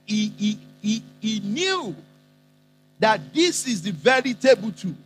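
Very high-voiced, slow preaching man. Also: very animated, faint music behind, low-quality recording. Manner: emphatic, repetitive, with dramatic pauses. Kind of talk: sermon.

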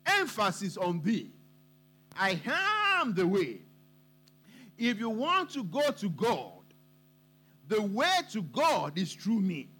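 A man's voice: high voice, huge pitch swings, slow pace, a bit bright, husky. A man preaching a sermon to his congregation, emphatic and repeating his points for weight.

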